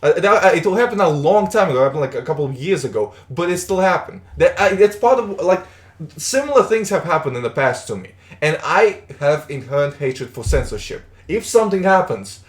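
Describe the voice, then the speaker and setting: A man's voice: high-pitched, roomy sound. A man streaming in a casual, rambling chat, stumbling and repeating words, with the odd swear.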